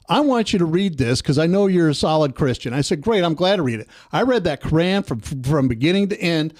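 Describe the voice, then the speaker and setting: An American man debating politics on a weekly talk show, his voice pitched high and swinging widely. He argues heatedly and interrupts to press his point. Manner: animated, argumentative, interrupts often.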